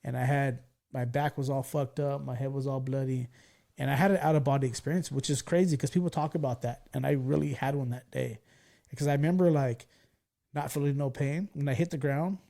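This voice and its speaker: A man in his forties from California, hosting a podcast and telling stories in a loose, profane, excitable way. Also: medium pitch, fairly quick, gravelly. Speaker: podcast host. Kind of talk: casual storytelling chat.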